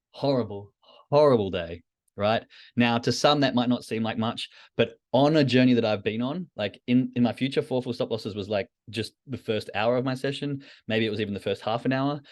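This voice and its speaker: A man hosting a podcast, talking candidly and self-critically to a live chat, often repeating phrases for emphasis. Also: fairly low pitch. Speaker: trading podcast host. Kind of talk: reflective solo talk to a live chat.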